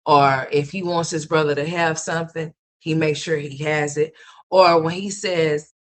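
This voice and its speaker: A woman's voice: low-pitched, fairly even intonation, moderate pace. A mother hosting a casual livestream, telling a long story to her viewers in a rambling, repetitive way and calling them y'all and honey.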